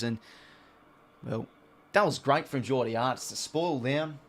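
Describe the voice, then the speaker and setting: An Australian man hosting a live watch-along, calling the play as it happens, getting excited on big plays and chatting to his viewers in between. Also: medium pitch, a little slow. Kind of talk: live play-by-play commentary over a match.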